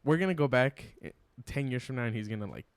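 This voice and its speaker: बीस-पच्चीस साल का एक आदमी, पॉडकास्ट मेहमान, हँसते हुए अनौपचारिक अंदाज़ में किस्सा सुनाता।. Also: male voice, mid-range voice, fast talker, smooth, dry recording. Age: 20s. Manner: laughs often, lively retelling. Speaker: podcast guest. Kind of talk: casual chat.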